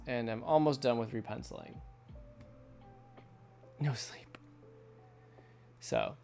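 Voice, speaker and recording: A mid-range male voice with vocal fry belongs to an American artist streamer in his thirties. At night in his home studio, he draws on a livestream and chats casually with viewers, rambling on and laughing often.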